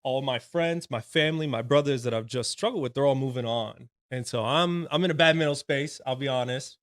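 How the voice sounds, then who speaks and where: Frank, animated man telling war stories. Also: medium pitch, fairly quick, dry recording, clean studio sound. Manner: animated storyteller, laughs often; casual, frank speech. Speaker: guest, retired Navy corpsman. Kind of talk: casual podcast storytelling.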